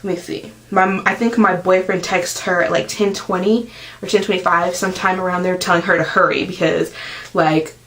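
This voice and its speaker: A young woman talks to her camera in a loose, chatty vlog. She leans on "like" constantly and jumps into loud bursts when she acts out her own screams. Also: on the low side, steady tone, poor audio. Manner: chatty, fills every pause with "like". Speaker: vlogger. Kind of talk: casual storytelling to camera.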